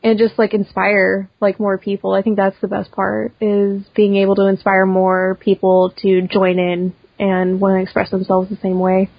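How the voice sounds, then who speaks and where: A woman's voice: medium pitch, monotone, vocal fry, no room sound, muffled recording. Chatty young woman, full of likes. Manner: chatty, quick, full of "like" and restarts. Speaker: cosplayer guest. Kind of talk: casual interview chat.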